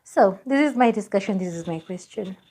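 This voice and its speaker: A young Kenyan woman in her twenties telling a personal story on her vlog, lively and laughing as she acts out what people said. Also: mid-range voice, a little fast, slightly rough. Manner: animated, laughing, acts out dialogue. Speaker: vlogger.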